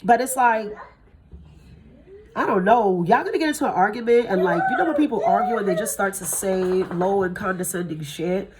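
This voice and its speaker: A woman in her thirties giving a casual tarot reading, tired from little sleep, blunt and profane, her voice jumping up in pitch when she gets excited. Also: moderate pace, noisy background. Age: 30s. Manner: blunt and profane, swears freely. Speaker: tarot reader.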